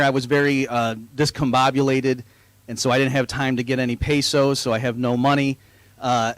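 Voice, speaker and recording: A man's voice: mid-range voice, a bit bright, dry recording. A man giving a keynote lecture at a conference, chatty and self-deprecating, with frequent fillers. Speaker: keynote speaker at an economics conference. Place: conference venue before an audience.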